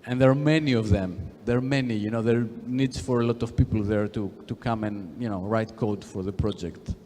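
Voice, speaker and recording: A man's voice: fairly low pitch, fairly quick, dark tone, slight background noise. A Greek-accented man speaks at a conference, leaning on "you know" between phrases and restarting his words. His voice rings with the long reverb of a big hall. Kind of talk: tech conference talk.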